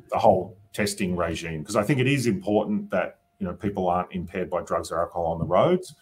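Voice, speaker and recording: A man's voice: low voice, slightly rough. An Australian man, a politician, answering interview questions in a casual way, thinking aloud and adding "you know" and "right?" as he goes. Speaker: politician guest.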